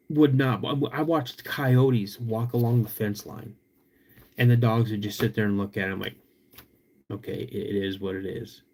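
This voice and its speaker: Young man, podcast host, animated storytelling, drawn-out pauses, sudden loud bursts. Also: mid-range voice.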